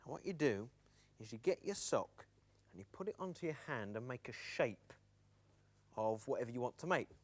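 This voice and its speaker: A man's voice: mid-range voice, expressive, moderate pace. A man presenting a children's TV show, playful and patient.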